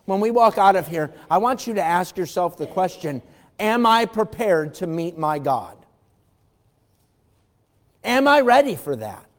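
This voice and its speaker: Male preacher, high voice, reads old-fashioned scripture aloud, fervent questions to the congregation, long reverb. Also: animated, normal speed. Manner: reads scripture aloud in King James wording. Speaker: pastor. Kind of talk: evening sermon with scripture reading. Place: church sanctuary. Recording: long reverb of a large hall.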